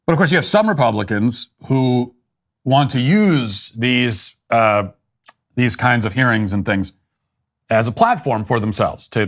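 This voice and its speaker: A man's voice: on the low side, fairly bright tone. A male political commentator giving a blunt, opinionated monologue, often restarting his sentences. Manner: blunt, dismissive, frequent restarts and fillers.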